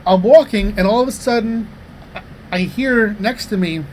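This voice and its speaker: A man in his thirties co-hosting a comedy podcast, telling rambling, profane anecdotes in a casual, animated way. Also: high-pitched, normal speed, a little hiss or hum. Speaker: podcast co-host.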